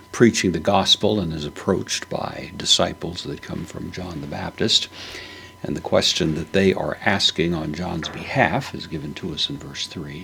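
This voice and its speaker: Deep, gravelly man teaching slowly. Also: sharp tone, slight background noise. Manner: slow and deliberate with frequent fillers. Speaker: Bible teacher. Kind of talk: verse-by-verse Greek word study.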